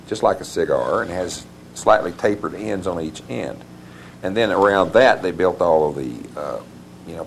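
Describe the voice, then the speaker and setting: A man with a very deep, gravelly voice gives long, winding interview answers. He pauses often to restart his sentences. Faint hiss sits under the recording. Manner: meandering, with many uh fillers and restarts. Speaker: author and interview guest. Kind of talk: rambling conversational interview answers.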